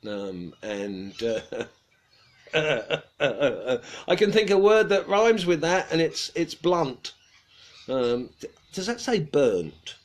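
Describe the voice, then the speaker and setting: A man's voice: on the high side, sing-song, extremely slow. A man hosting a casual livestream outdoors. He tells a rambling, self-deprecating story and chuckles often. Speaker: livestream host.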